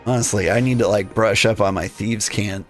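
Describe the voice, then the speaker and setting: A man's voice: on the low side, steady tone, normal speed, faint music behind. A man casually commenting on a game between dialogue readings, with playful joking asides. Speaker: let's play host.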